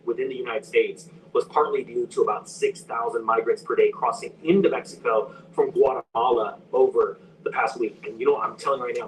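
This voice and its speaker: A man commenting online in an urgent, warning tone, reading out news with fillers. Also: medium pitch. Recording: distant clip with faint background noise.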